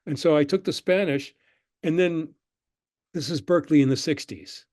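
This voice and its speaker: Older man with a mellow, dry voice. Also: fairly high pitch, moderate pace, dry recording. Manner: relaxed anecdotal storytelling, acting out the people he quotes. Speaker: guest, screenwriter and professor. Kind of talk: conversational interview storytelling.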